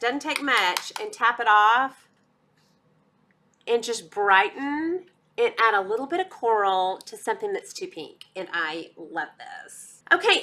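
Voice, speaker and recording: A woman's voice: fairly high pitch, sharp tone, slight background noise. A woman with a Texas accent giving a chatty, enthusiastic makeup review, calling her viewers y'all. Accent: Texan. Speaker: beauty vlogger. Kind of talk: casual product review.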